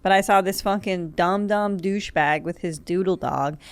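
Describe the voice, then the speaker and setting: A woman's voice: fairly low pitch, moderate pace. A woman in her thirties hosting a comedy podcast, telling blunt, profane stories in casual chat. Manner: blunt, profane, animated storytelling with impressions. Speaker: podcast host.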